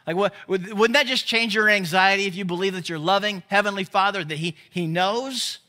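Male pastor, high bright voice, chatty sermon delivery, quizzes the congregation. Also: a little fast. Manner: conversational, asks the crowd questions. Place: church service.

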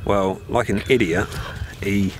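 A man's voice: lowish voice, takes it slowly, a little hiss or hum. A man from the UK on a road trip, chatting and telling stories for a travel vlog with plenty of jokes. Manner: chatty, animated storytelling with joking. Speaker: vlogger. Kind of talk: casual travel vlog chat.

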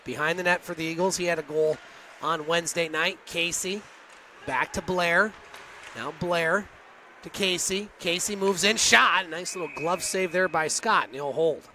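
Play-by-play man, high and bright, quick clipped calls, faint hiss behind. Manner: rapid, clipped play calls with chatty asides. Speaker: play-by-play announcer. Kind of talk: hockey play-by-play commentary.

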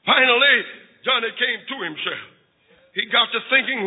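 High-pitched preacher shouting with fervor. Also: male voice, normal speed, pauses often, husky. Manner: dramatic, rising to impassioned shouts. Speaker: pastor. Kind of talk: sermon storytelling. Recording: tinny lo-fi recording in echoing hall.

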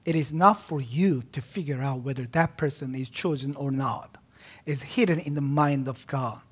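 A pastor preaches a sermon in a husky, medium-pitched voice at normal speed. He repeats key words for emphasis and swings between loud, emphatic cries and hushed near-whispers.

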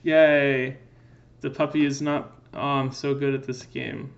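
A man's voice: medium pitch, flat delivery, unhurried, gravelly, lo-fi sound. A man giving joking let's-play commentary in a playful, goofy way, answering in mock meows. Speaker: gaming video creator.

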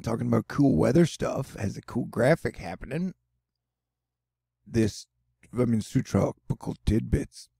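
A man's voice: mid-range voice, creaky, warm tone, slightly rough, no room sound, studio quality. A man hosting a casual weather news show in a jokey, rambling way with self-deprecating asides. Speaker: host of a news and weather channel.

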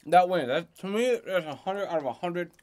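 An American man co-hosting a casual candy taste test, plainspoken and relaxed. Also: sits high, moderate pace. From United States. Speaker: taste-test show co-host. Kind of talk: casual chat.

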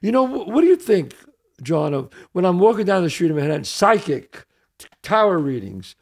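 A man hosting a casual interview, chatting with quick reactions and questions. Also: high voice, sing-song, vocal fry. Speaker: talk show host.

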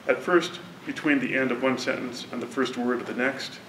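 A man introducing a poet at a university event, reading a prepared, deliberate academic introduction. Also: steady tone, fairly bright tone. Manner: measured, deliberate academic delivery. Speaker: lecture introducer. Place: university lecture hall. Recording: roomy hall from a distance, faint rumble.

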